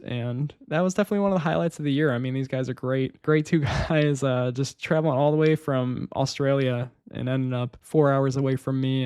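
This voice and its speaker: A young man talks through his favorite records in a relaxed solo podcast. He rambles eagerly, laughs easily and leans on filler words. His mid-pitched voice sounds close and dry. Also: clean tone, no echo. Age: young adult. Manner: enthusiastic, rambling, laughs often, uses "like" and "man". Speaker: podcast host. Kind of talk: casual solo music review podcast.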